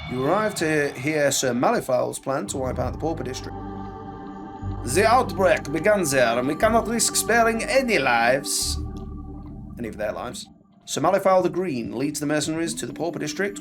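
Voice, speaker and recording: Male let's player, casual and wry, loud game soundtrack under him. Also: medium pitch. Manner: chatty and rambling, with dry asides. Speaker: let's play host. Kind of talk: casual game commentary and reading game text aloud. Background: loud game music.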